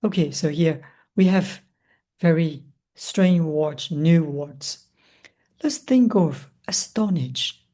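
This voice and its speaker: Slow, soft-toned woman teaching English. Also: lowish voice. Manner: slow and deliberate, asking questions and answering them herself. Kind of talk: reading a story aloud and explaining vocabulary. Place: language school classroom.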